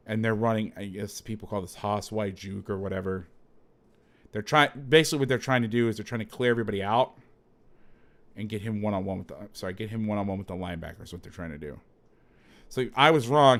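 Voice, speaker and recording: A man coaching through game film in a casual breakdown, chatty and quick to correct himself. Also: fairly low pitch, fairly bright tone.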